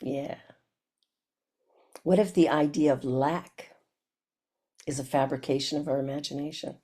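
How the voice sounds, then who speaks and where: A woman's voice: sits low, steady tone, measured pace, warm tone. A woman minister giving a reflective sermon that asks the listener many questions.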